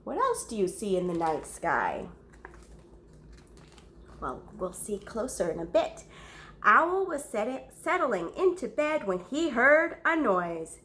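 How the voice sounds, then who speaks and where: A woman reading a story aloud to children, pausing to ask the young listeners questions and gasping or whispering for effect. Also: fairly high pitch, very animated, a bit bright, slight background noise.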